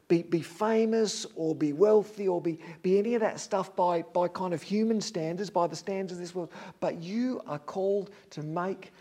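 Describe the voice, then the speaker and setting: High-voiced man preaching earnestly. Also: warm tone. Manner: earnest, emphatic preaching with repeated phrases. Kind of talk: sermon.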